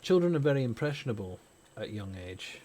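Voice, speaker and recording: A man talks over his gameplay in a loose, rambling way, swearing freely as he airs his opinions. His voice sits at an ordinary middle pitch. A faint hiss runs under the recording. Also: sing-song, fairly quick, mellow. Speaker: gaming channel host; parent. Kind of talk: casual chat over gameplay.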